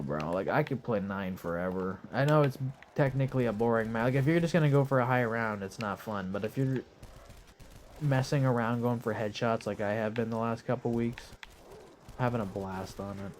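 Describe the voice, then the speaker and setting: Hoarse, stuffy-nosed man rambling through gameplay. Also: on the low side, normal speed, slight background noise. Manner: laid-back, rambling, swears casually. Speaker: gaming commentator. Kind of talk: casual live gameplay commentary. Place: lying in bed at home.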